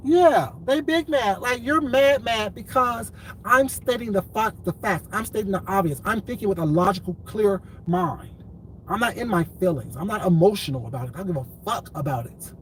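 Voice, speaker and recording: High-pitched man ranting into the camera. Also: normal speed, a bit bright, a little hiss or hum, rough recording. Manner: profane, repetitive, confrontational. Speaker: commentary vlogger. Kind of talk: ranting commentary vlog.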